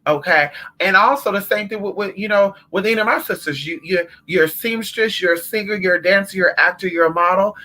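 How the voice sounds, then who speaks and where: A man's voice: high-pitched, fairly quick, hardly any pauses, pushed and bright. A man running a casual livestream as a spiritual consultant, talking in a sassy, emphatic way and calling listeners honey and girl.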